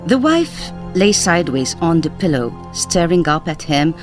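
A woman's voice: on the low side, sing-song, normal speed, music in the background. A woman with a Maltese accent, an actress reading a short story aloud and chatting as a guest. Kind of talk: storytelling reading, then interview chat.

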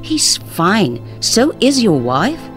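A woman voicing a firm, brisk male doctor who reassures a worried father. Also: mid-range voice, wildly swooping pitch, a bit bright, soft background music, voice pushed up, exaggerated voice.

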